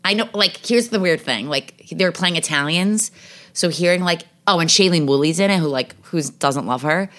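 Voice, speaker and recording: Low-voiced woman host gossiping and cursing casually on a podcast. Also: normal speed, a bit bright. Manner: chatty, swears freely, gossipy asides. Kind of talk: casual chat.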